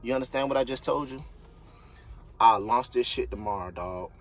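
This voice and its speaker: Fired-up, husky-voiced man ranting. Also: mid-range voice, moderate pace, faint music behind. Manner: fired-up, yelling, profane, blunt. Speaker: real estate investor and business coach. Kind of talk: unscripted motivational rant on a live stream. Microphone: phone or webcam on a social media live stream.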